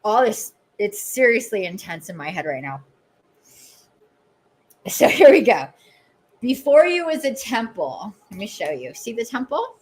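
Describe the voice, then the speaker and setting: Slow-spoken woman guiding a meditation. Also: fairly high pitch, big pitch swings, low-quality recording. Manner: incantatory, lingering on repeated phrases; openly emotional, self-mocking asides. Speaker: podcast host and oracle reader. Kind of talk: channeled oracle reading and guided meditation.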